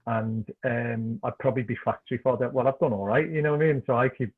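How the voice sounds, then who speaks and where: A middle-aged man from Liverpool with a Scouse accent, a podcast guest and author telling animated anecdotes in casual chat. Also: medium pitch, fast talker, slightly rough. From Liverpool, England. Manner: animated anecdotes, repeats words when excited. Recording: tinny phone-like call line.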